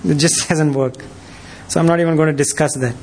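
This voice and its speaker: A man's voice: a little high, fairly even intonation, brisk. A man preaching a sermon as a pastor, emphatic and full of rhetorical questions.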